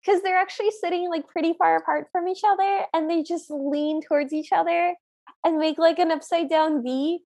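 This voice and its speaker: A woman's voice: very high voice, steady tone, moderate pace, darkish tone, dry recording, clean studio sound. A woman co-hosting a podcast, recapping a film in enthusiastic, chatty conversation. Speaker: podcast co-host. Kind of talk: casual film recap chat.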